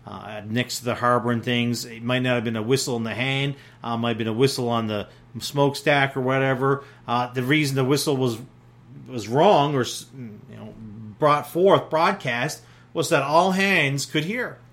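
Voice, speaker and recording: A man's voice: mid-range voice, moderate pace, a bit bright. A middle-aged man from Newfoundland, a pastor preaching a sermon in a folksy, plain-spoken way, with many fillers and restarts.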